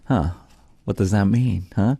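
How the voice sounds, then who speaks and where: A man hosting a music radio show, reading out listener messages in a relaxed, chatty way. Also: fairly low pitch, measured pace, gravelly, slightly rough, no echo, studio quality. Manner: relaxed, chatty, lots of "like" and "you know". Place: radio studio. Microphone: studio microphone.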